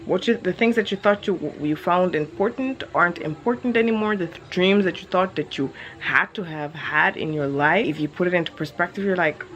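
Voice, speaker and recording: A woman's voice: lowish voice, highs cut off. A woman in her thirties chatting casually for her vlog outdoors in a yard, rambling playfully from one thought to the next. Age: 30s. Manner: rambling, quick-thinking, playful. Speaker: vlogger. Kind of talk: casual chat.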